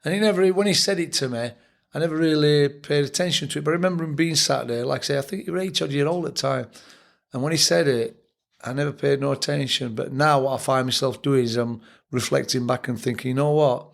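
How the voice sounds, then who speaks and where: A man's voice: mid-range voice, fast, gravelly. An older man with a Sheffield accent, a boxing trainer telling reflective, blunt stories as a guest on a casual podcast interview. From England.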